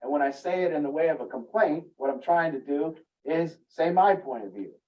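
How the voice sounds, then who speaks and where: Earnestly teaching parents about relationships, a male family recovery coach acts out what a parent might be thinking, shifting his voice higher for those inner voices. He's expressive and slightly fast, captured from afar with dull audio.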